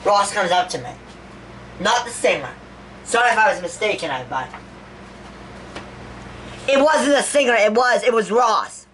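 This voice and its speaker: A woman's voice: medium pitch, very animated, moderate pace, long pauses, fairly bright tone, far from the mic, slight background noise, pitched above the performer's own voice, rough recording. A woman voicing a grieving young man who gives a rambling, stammering eulogy in a homemade toy-figure animation. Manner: stammering, repeats words, rambling. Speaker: eulogy speaker.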